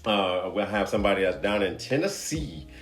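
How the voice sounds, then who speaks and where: Man, podcast host, casual interview, jokey and loose, fairly low voice, roomy echo, faint music. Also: big pitch swings, moderate pace. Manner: loose, joking, laughs easily, fumbles questions.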